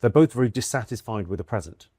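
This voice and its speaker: A man's voice: fairly low pitch, lively intonation, fast, mellow, no echo. A man from the United Kingdom, a comedian guest in a casual conversation, musing aloud with dry wit and many restarts. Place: indoor room in London.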